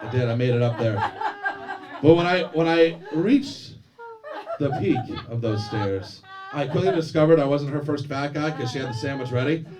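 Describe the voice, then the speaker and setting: A man's voice: a little high, normal speed, distant mic. A man doing a crude, self-deprecating stand-up routine on a comedy club stage, bantering with the crowd. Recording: live club with crowd laughter. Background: audience laughter.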